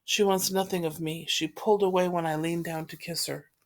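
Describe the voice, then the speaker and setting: A woman reading the part of a wounded middle-aged mother who speaks quietly. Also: fairly low pitch, steady tone, a little fast, close to an everyday voice. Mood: hurt.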